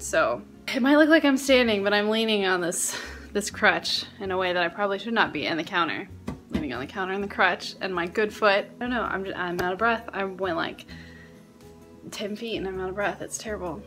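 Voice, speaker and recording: A young woman chats on her vlog from home, her voice sitting at an ordinary middle pitch. She rambles and pokes fun at herself in a loose, casual way. Faint music plays behind her. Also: bright, forceful tone. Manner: chatty, rambling and self-mocking. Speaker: vlogger. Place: her apartment.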